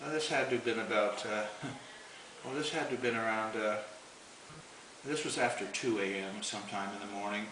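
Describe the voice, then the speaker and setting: A man's voice: on the low side, normal speed. Folksy man telling a rambling story. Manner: rambling and folksy, chuckling often. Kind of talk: casual spoken storytelling. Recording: roomy, distant, noisy home recording.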